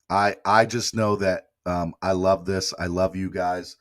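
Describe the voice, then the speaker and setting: A man's voice: low voice, fairly even intonation, a little slow, hardly any pauses, a bit bright, dry recording, clean studio sound. A man hosting a live fan morning show, talking emotionally and rambling as he thanks viewers and reads their comments aloud. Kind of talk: casual live-stream chat.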